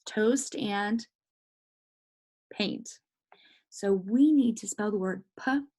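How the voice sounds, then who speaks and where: A woman leads a children's phonics lesson in a slow, coaxing, sing-song way. Her voice is husky and breathy, with a gravelly edge. She sounds out letters and sometimes drops to a whisper to share a secret. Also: medium pitch, warm tone. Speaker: first grade teacher.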